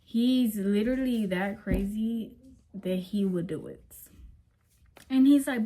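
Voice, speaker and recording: A young woman vlogger telling a story in casual storytime style, animated and full of slang, talking straight to her viewers. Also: medium pitch, slow.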